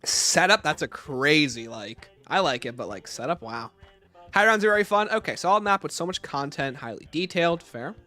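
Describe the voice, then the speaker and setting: A man's voice: on the high side, lively intonation, moderate pace, pushed and bright, faint music behind. A man hosting a casual livestream, reading viewer chat aloud and answering with blunt, opinionated takes. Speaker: livestream host.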